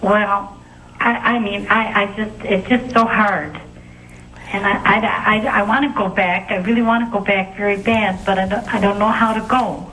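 A woman calling in to a religious show, emotional and halting, often repeating her words. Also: medium pitch, steady tone, a bit bright, a little hiss or hum, rough recording. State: emotional, close to tears. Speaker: caller.

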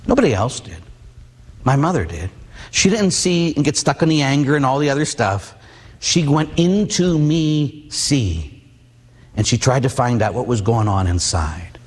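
A middle-aged man preaches as a Catholic priest, weaving personal stories into his sermon and asking his listeners questions. His voice sits at an ordinary pitch for a man. Long reverb trails behind his words, as in a large hall. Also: lively intonation, a little slow, slightly rough. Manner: storytelling, rhetorical questions to the audience.

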